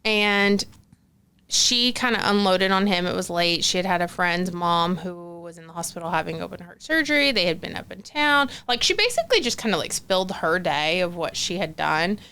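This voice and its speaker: A woman's voice: fairly low pitch, very animated, normal speed, pushed and bright, smooth. A young woman guest on a podcast telling a personal story in a casual, chatty way, full of fillers and acted-out quotes. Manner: chatty, many fillers like "like", acts out quoted dialogue.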